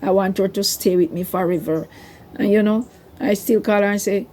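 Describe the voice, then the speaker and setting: Older woman, mellow voice. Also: mid-range voice, fairly even intonation, a little fast. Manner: emotional, rambling, tearful at times. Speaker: vlogger. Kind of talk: personal storytelling to camera.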